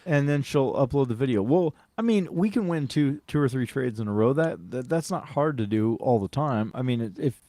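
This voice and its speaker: Laid-back male co-host with a mellow voice. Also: mid-range voice, lively intonation, normal speed, hardly any pauses, no room sound. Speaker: podcast co-host. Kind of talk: casual chat.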